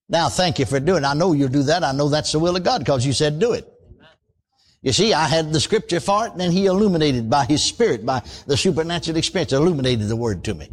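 A man's voice: fairly high pitch, animated, quick pace. A man preaching a sermon in a folksy style, often exclaiming praise and asking for amens. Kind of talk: radio sermon.

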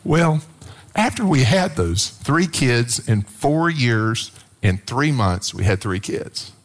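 A man's voice: mid-range voice, very animated, slow. A middle-aged man, a pastor preaching a sermon, telling stories with playful acted quotes and emphatic swells.

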